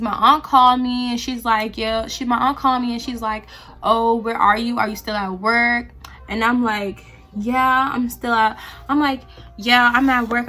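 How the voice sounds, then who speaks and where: A woman's voice: a little high, sharp tone. A young woman vlogger chatting casually through a story, quoting the people involved in her own voice. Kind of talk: casual storytime while doing her hair.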